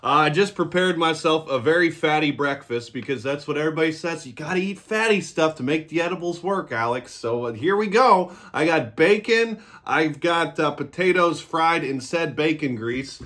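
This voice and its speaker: A man's voice: on the high side, normal speed, hardly any pauses, a bit bright. A man hosting his own review vlog, talking casually and joking as he eats. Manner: joking, irreverent. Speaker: cannabis reviewer.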